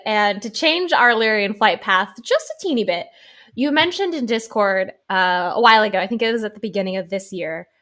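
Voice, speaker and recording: A woman's voice: mid-range voice, a bit bright. A woman hosting a podcast interview in a casual, upbeat way, laughing easily and encouraging her guest. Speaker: podcast host.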